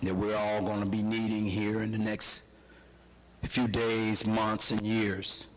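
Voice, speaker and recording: A man preaching a slow, solemn and deliberate sermon at a funeral. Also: on the low side, level tone.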